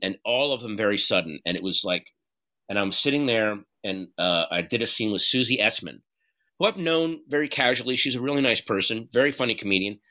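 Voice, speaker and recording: A man being interviewed, speaking candidly and earnestly in halting bursts, with frequent restarts and some swearing. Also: lowish voice. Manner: earnest, halting, profane, animated retelling. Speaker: guest.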